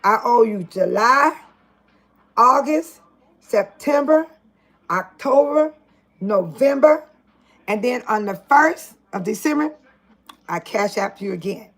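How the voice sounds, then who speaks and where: A woman's voice: fairly high pitch, animated, slow, long pauses. An older woman chatting casually on a live stream from home into her phone, laughing often and calling out to her viewers by name.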